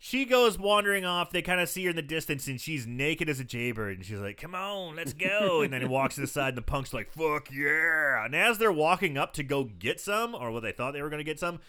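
A man in his forties chatting casually as he recaps a movie, telling it with lively energy, acting out characters' lines and swearing freely. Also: on the high side, fast talker, hardly any pauses, clear, resonant tone. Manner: animated storytelling, acts out lines, swears casually.

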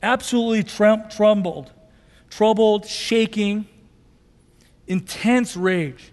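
Male pastor, high voice, emotive sermon delivery, long hall reverb. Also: slow pace. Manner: emotive preaching, swinging from loud intensity to quiet softness.

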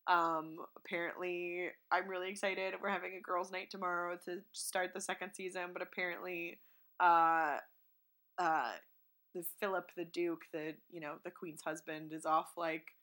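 Woman, podcast co-host, casual chat, bright clear tone, animated storytelling. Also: on the low side, normal speed. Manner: chatty, animated, acts out quotes in silly voices.

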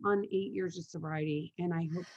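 A woman's voice: on the low side, steady tone, fairly quick, a little mellow, muffled recording. A woman hosting a sobriety podcast talks in an effusive way and heaps praise on her guest. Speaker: podcast host. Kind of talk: casual podcast interview.

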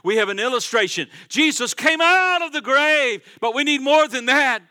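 A fervent male pastor preaches to his congregation in a church sanctuary. His voice sits high and bright, with a bright, ringing tone. He swings from loud, emphatic proclamations to hushed, conversational asides. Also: animated, moderate pace, smooth. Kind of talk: sermon.

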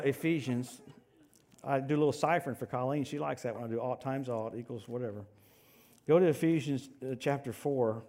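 A middle-aged man preaching a sermon, animated and joking, swinging from shouting to hushed asides. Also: medium pitch.

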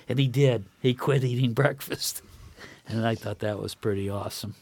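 A man's voice: fairly low pitch, level tone, normal speed, darkish tone, dry recording. Older man telling rambling stories. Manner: rambling anecdotes with chuckles. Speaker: guest, retired racing crew member. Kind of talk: casual storytelling.

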